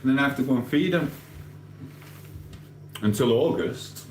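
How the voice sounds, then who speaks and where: A man hosts a casual livestream, reading comments aloud and ranting bluntly with cheeky swearing. His mid-range voice is animated at a moderate pace, and the room echoes with a faint hum.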